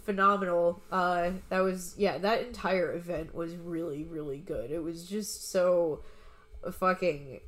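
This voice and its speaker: A woman's voice: fairly low pitch, fairly even intonation, unhurried. A young woman comedian guest telling stories in a casual, rambling way, full of restarts and swearing. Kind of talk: casual conversational storytelling.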